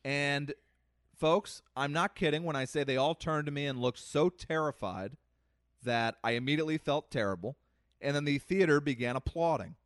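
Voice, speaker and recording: Animated male podcast storyteller, dry sound. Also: on the high side, normal speed, dry recording. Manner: animated storyteller, swings loud and soft. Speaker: podcast co-host. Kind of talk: casual chat, comic storytelling.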